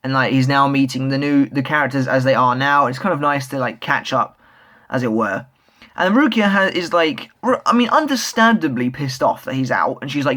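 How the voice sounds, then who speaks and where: A man's voice: medium pitch, animated, moderate pace, bright, forceful tone. A young man reviewing a manga chapter in a casual, rambling way, full of fillers and restarts, speaking as an eager fan. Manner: enthusiastic fan.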